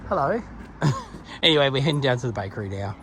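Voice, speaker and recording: A chatty Australian man narrating a casual travel vlog outdoors in a country town, excitable and laughing often. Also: medium pitch, fast talker. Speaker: vlogger. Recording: noisy outdoor handheld recording.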